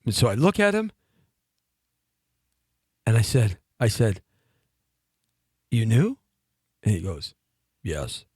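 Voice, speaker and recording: A man in his fifties telling a long personal story on a talk show, lively and chatty, laughing between lines and often restarting his sentences. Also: lowish voice, measured pace, long pauses, breathy edge, dry recording, studio quality. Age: 50s.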